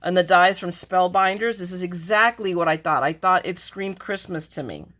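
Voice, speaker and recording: A woman's voice: on the low side, normal speed, fairly bright tone. A middle-aged woman chatting casually as a crafting vlogger, gushing and emotional as she opens her mail. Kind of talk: casual chat.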